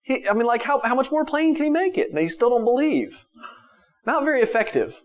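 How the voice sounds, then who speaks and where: A man preaching a sermon to his church in a conversational way, with many restarts, swinging from raised emphatic lines to quiet, soft ones. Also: extremely high pitch, sing-song, brisk. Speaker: pastor.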